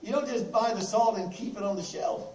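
A man's voice: high voice, darkish tone, muffled recording, a little hiss or hum. Male preacher at the pulpit, caught from a distance in a reverberant sanctuary, leaning on repetition. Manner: repeats key phrases, slows down for emphasis. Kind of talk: sermon. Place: church sanctuary with congregation. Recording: echoey, distant room mic.

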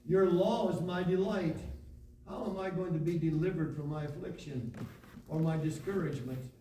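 A man with a high, ringing voice preaches a sermon. He reads scripture and drives his points home with emphatic, repeated calls. He is heard from some distance in an echoey room. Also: normal speed, dark tone. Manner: preaching with rising emphatic repetition, reading scripture aloud. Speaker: pastor.

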